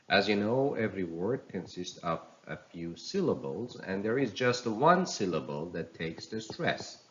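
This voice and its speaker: A man teaching pronunciation in a recorded lesson, speaking slowly and deliberately and spelling words letter by letter. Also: low voice, fairly bright tone, lo-fi sound, a little hiss or hum.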